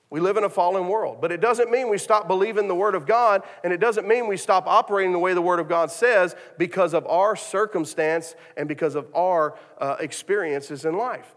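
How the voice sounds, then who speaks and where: A man preaching a sermon, telling a story with many restarts and repeated words. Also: high-pitched. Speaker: pastor. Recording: long hall reverb.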